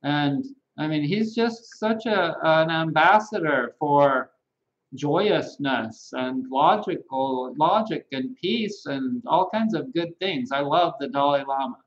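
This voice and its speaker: Slow-talking animated man with lively pitch. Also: lo-fi sound. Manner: chatty, animated, laughs at own jokes. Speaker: holistic health practitioner, live stream host. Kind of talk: casual live-stream monologue.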